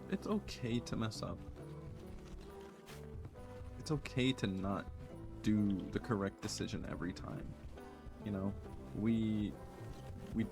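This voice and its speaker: A young man streaming a game, talking in a soft, earnest, rambling way with many fillers and restarts. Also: fairly low pitch. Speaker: gaming streamer. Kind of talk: reflective casual chat while playing.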